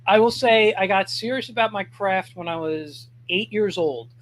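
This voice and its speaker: A man's voice: high voice, moderate pace, fairly bright tone. Easygoing man telling stories. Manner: easygoing storyteller, many fillers. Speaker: guest cartoonist. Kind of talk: casual interview chat.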